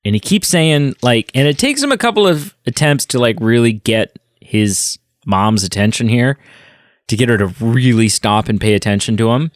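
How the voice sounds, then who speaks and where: A man talks casually on a podcast, recapping an episode with loose asides and fillers. His voice sits at a middle pitch. The sound is dry and close to the mic. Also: animated, normal speed, no room sound. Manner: chatty, lots of fillers and retellings. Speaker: podcast host. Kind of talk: casual film review chat.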